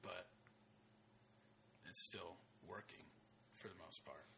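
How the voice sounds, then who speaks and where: A man co-hosting a casual TV podcast in a laid-back way, his sentences trailing off quietly. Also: deep voice, steady tone, slow pace, vocal fry, noisy background. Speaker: podcast co-host. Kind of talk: casual TV discussion.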